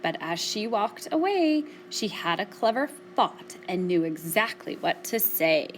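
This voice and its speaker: A woman children's librarian reading a rhyming picture book aloud at storytime with an expressive, sing-song delivery. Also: mid-range voice, unhurried, a little hiss or hum.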